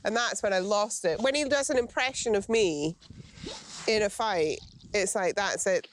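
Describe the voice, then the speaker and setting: A woman's voice: mid-range voice, moderate pace, a little hiss or hum. A woman in her forties chatting frankly with a friend out on a hillside, telling stories and swearing casually. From Scotland. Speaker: filmmaker. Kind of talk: casual chat. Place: outdoors on a hillside.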